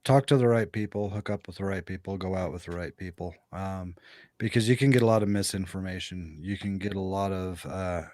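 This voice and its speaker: Earnest low-voiced male guest. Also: no echo, studio quality. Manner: earnest, advising, with quoted asides. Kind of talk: livestream interview.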